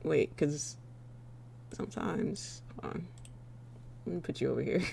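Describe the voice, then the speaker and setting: American woman streamer, relaxed playful chat with viewers, a little gravel in the voice. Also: low voice, unhurried, a little hiss or hum. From United States. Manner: playful, chatty, often laughing, talks straight to the chat. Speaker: live-stream trading host. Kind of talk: casual live-stream chat.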